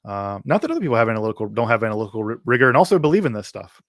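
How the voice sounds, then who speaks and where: A man's voice: medium pitch, big pitch swings, very fast, no room sound, clean studio sound. A man from Mississippi hosts a livestream Q&A, speaking thoughtfully with many fillers and restarts. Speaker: host answering viewer questions.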